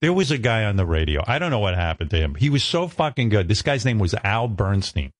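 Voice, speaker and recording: A man in his sixties from the New York area, a radio host telling stories in an animated, self-mocking, profane way. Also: fairly low pitch, brisk, no echo, clean studio sound. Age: 60s. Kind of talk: casual chat.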